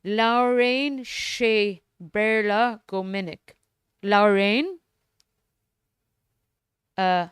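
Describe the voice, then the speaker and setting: Slow-talking woman, very clear and dry. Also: medium pitch, dry recording. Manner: casual, swears freely, repeats phrases while learning. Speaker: streamer. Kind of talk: casual chat.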